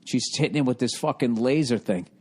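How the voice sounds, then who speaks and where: A man's voice: medium pitch, fairly quick, a little mellow. A middle-aged man hosting a podcast, telling a rambling, swear-filled comic story with sarcastic exasperation. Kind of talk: casual comedic monologue.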